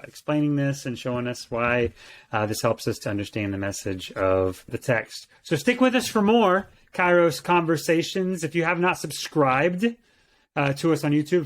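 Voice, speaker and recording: Man teaching a casual Bible lesson. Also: medium pitch. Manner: thoughtful, many restarts and repeated words. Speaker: co-host, teacher.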